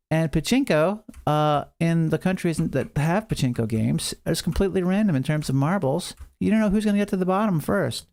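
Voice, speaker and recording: Playful streamer, gravelly tone, hyped race-caller delivery. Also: medium pitch, darkish tone. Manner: playful, hyped announcer bursts, meows. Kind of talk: live stream chat and playful race commentary.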